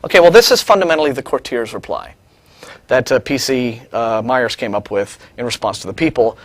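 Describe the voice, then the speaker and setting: A man co-hosting a studio talk show, animated and mocking as he reads out and takes apart an email. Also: mid-range voice, a little fast, no room sound. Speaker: co-host.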